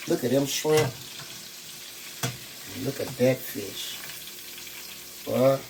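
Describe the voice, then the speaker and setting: A man's voice: mid-range voice, very slow, noisy background. A man hosting a casual cooking demonstration in a kitchen, folksy and chatty, talking straight to his viewers and tossing in "boy" as he goes. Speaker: host cooking on camera. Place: kitchen with frying food. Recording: clear frying sizzle behind the voice. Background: sizzling frying food.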